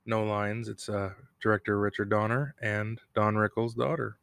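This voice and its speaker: A man recaps a TV episode solo for his podcast, rambling, cracking self-deprecating jokes, and laughing at them himself. His lowish, gravelly voice is a bit bright, with flat delivery at normal speed. He records in a home room with no echo, and a cat's bell jingles nearby.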